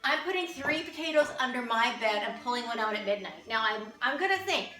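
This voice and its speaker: A woman's voice: fairly high pitch, lively intonation, fairly quick, pushed and bright, echoey room, distant mic, faint music behind, low-quality recording. A woman from Canada chatting casually to camera as a vlogger, with wry, amused asides.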